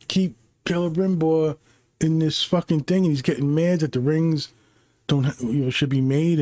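Male host, frustrated and foul-mouthed, warm low-key tone, dry close sound. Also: no room sound. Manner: profane, exasperated and rambling. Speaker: channel host reviewing a TV series. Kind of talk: unscripted critical review.

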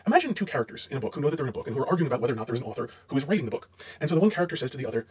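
A man laying out a measured, lecturing argument in a clip from a video. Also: mid-range voice, big pitch swings, darkish tone, husky. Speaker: apologist in a clipped video. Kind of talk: explanatory argument.

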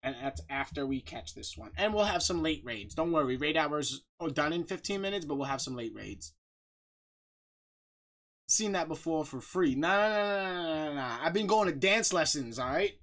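A man streaming a game live, chatting casually, reading out viewer shout-outs, joking and laughing often. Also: a little high, normal speed. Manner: bursts of loud excited talk.

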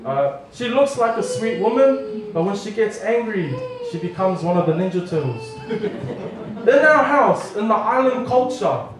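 A man's voice: high-pitched, background noise. A man preaching a humorous, audience-engaging story sermon in a church hall. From New Zealand. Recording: echoey hall from far off.

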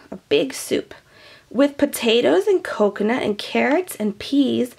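Reading a picture book to children, a female storyteller speaks in a high voice with a touch of gravelly fry. She takes her time, warmly explaining words as she goes, in a gentle, chatty, teacher-like tone.

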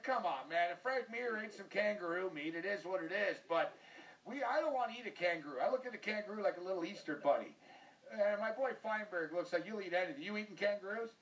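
Rambling North American sports show host. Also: male voice, high-pitched, far from the mic. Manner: rambling, joking, self-mocking. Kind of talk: casual sports talk show.

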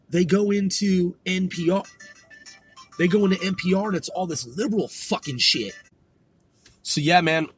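A man's voice: a little high, slightly rough, dry recording. Man in a heated profane political rant. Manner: heated, rambling, profane, repetitive. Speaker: monologue ranter.

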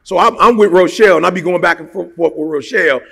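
A man's voice: high-pitched, quick pace, gravelly, fairly bright tone, long reverb tail. A man giving a motivational talk, emphatic and colloquial, firing off rhetorical questions. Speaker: motivational speaker.

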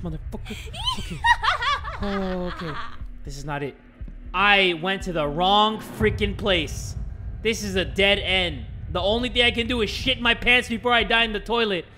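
A man hosting a horror game playthrough, excitable, going from hushed muttering to loud screams, his voice strained from screaming. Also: sits high, normal speed, a little hiss or hum. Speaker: gaming video host. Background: creepy game music.

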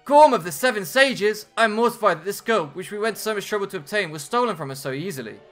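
A man voicing a young male villain grunt in a raised, higher, fretful voice. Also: expressive, fast talker, fairly bright tone, soft background music. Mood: mortified.

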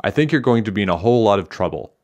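A man voicing a big, calm male truck driver in a storybook reading, slow and steady with a hint of amusement. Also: on the low side, lo-fi sound, natural voice. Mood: warning.

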